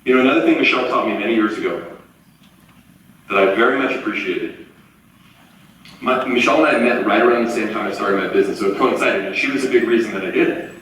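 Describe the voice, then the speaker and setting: A man in his forties giving a live motivational talk, telling stories in an animated way and acting out the voices of the people he quotes. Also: fairly low pitch, quick pace, pauses often, a little hiss or hum. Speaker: motivational speaker. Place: large auditorium. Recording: echoey hall from far off, faint ambience.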